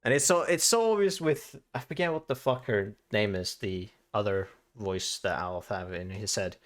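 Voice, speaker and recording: A man with a lowish voice streams a video game at normal speed, giving casual live commentary, swearing often and reading the game's text out loud.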